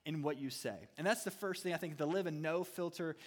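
A man's voice: a little high, brisk. A man preaching a sermon as a student ministry pastor, with playful humorous asides. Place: church hall. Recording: reverberant hall.

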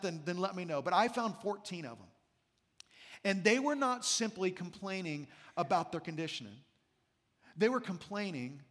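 A man's voice: high-pitched, a bit bright, in a large hall. A man preaching a sermon as senior pastor, emphatic and repeating his key phrases, in a church sanctuary.

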